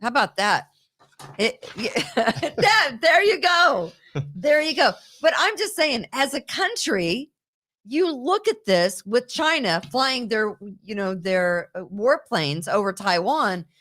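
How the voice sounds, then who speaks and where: Hosting a laid-back political talk show, this woman speaks with a higher voice. She's lively and quick to laugh, frequently repeating words along the way.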